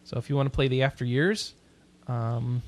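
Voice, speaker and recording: A man hosting a casual podcast, chatty and quick to laugh while he runs through news items. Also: medium pitch, fairly even intonation. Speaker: podcast host.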